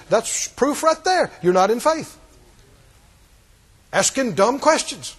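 Very high-voiced man preaching in a hall. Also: big pitch swings, slow, pauses often, a bit bright, breathy edge. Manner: emphatic, rousing, calls out to the congregation. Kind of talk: sermon.

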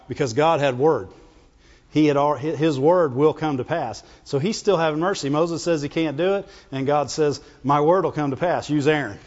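A man preaching a sermon, lively and emphatic, climbing high when he voices God. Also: long reverb tail, muffled recording.

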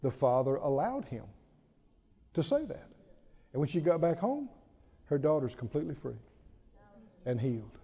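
A man preaching a sermon in an animated, storytelling way, often chuckling. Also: on the high side, moderate pace, pauses often, breathy edge, long reverb tail, muffled recording.

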